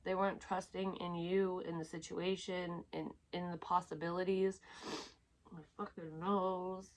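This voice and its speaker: This psychic medium speaks in a fairly low, level voice at a moderate pace, and the recording is rough. Her casual reading to camera is candid, profane and rambling, and now and then she seems near tears.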